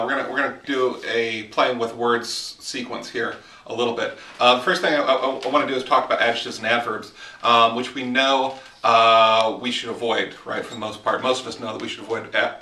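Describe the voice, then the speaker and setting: A man's voice: medium pitch, sharp tone, echoey room, far from the mic. A man teaching writing in a casual, explanatory monologue while walking outdoors in the woods, filming on a handheld camera. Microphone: handheld camera mic.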